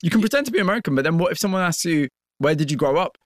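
A man's voice: fairly high pitch, lively intonation, rapid-fire, dry recording, studio quality. A man interviewing a guest, following up with probing questions in a conversational way.

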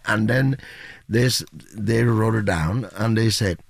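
Deep gravelly older man, animated storyteller. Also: dry recording, clean studio sound. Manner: halting non-native English, restarts, laughs often. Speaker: guest musician. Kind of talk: animated interview chat.

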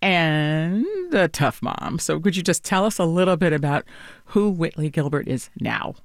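A woman interviewing two actresses about their show, friendly and quick to laugh. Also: deep voice, no echo, clean studio sound.

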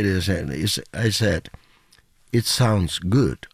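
Older man with a gravelly low voice, animated. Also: slow pace, no echo, studio quality. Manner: animated storyteller, laughs often, acts out quotes. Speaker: guest musician. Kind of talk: radio interview on a call.

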